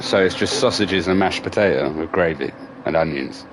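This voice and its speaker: A man's voice: low-pitched, moderate pace, background noise. Swearing, chatty middle-aged man. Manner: swearing, animated storytelling with slang. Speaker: gaming livestream host. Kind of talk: casual chat.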